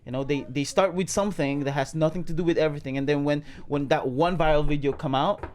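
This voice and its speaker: A man's voice: a little high, fast. A man co-hosting a podcast, talking casually with lots of fillers and laughter. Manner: animated, laughs often, many fillers. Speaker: podcast co-host. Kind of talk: casual chat.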